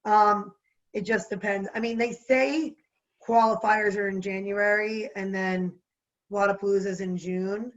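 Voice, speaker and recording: A young woman with a New Jersey accent, chatting as a podcast guest in a bubbly, animated way. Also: mid-range voice, dull audio. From New Jersey, USA. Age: young adult. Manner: bubbly, animated, quick to laugh. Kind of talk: casual interview chat.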